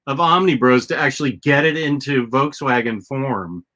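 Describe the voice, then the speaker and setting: Male host, casual chatter, bright forceful tone, rambly delivery. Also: mid-range voice, normal speed. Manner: rambling, lots of restarts and fillers. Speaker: podcast host. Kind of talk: casual chat.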